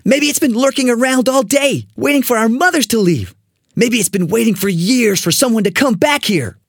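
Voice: sits high, huge pitch swings, a little fast, fairly bright tone, husky, no room sound, studio quality, voice pushed up, heavily acted. A storyteller reading aloud, voicing a frantic young boy urging his friends to flee. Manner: urgent, frantic.

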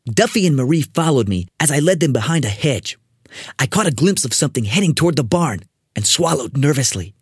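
An expressive storyteller reading a spooky children's tale aloud, the voice swinging lively up and down to build suspense. There is a slight huskiness to the tone. The recording is dry and close. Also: medium pitch, fairly quick, breathy edge, dry recording.

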